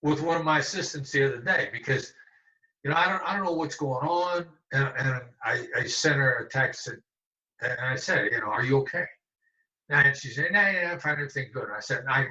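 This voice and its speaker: Heard over a remote call in an echoey room with dull, lo-fi sound, a man in his sixties appears as a guest negotiator in a conversational interview. His mid-range, sharp-toned voice explains emphatically, repeating phrases for stress.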